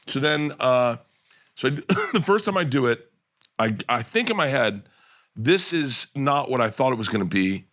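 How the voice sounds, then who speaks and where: A man's voice: mid-range voice, moderate pace. A middle-aged man, a comedian guest, telling casual podcast stories and acting out the people in them. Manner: animated storyteller acting out quotes.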